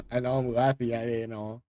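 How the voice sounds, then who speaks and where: A man's voice: medium pitch, little pitch movement, normal speed, darkish tone, dry recording. A man streamer casually reacting to a video, laughing at it and mocking it in loose, rambling speech.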